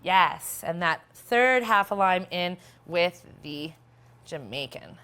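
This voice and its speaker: A woman's voice: fairly low pitch, animated, slow pace, sharp tone, clear, resonant tone. Upbeat woman hosting a cooking show. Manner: chatty, upbeat, talks while working. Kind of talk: casual cooking demonstration.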